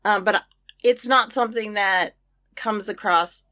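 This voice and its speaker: A woman's voice: medium pitch, a little slow, sharp tone. A woman co-hosting a podcast in casual chat, teasing her friends and laughing often. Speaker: podcast co-host.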